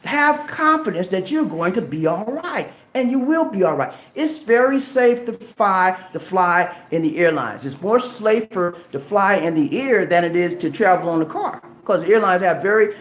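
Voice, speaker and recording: This is a man giving travel advice in a vlog, pushing his points with animated, preachy energy. He leans on casual filler words and acts out short exchanges. His voice carries a noticeable echo from a hard room. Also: sits high, normal speed, hardly any pauses. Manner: animated and preachy, acting out little dialogues; colloquial, repeats "man" and "okay". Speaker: travel vlogger. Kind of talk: casual motivational talk to camera. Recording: echoey room.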